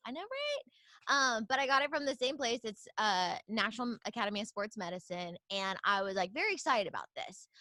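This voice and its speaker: A woman's voice: fairly high pitch, very animated, brisk, bright, forceful tone, dry recording. A woman co-hosting an interview, talking in a confessional, rambling way with lots of fillers. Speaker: podcast co-host. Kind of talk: casual interview chat.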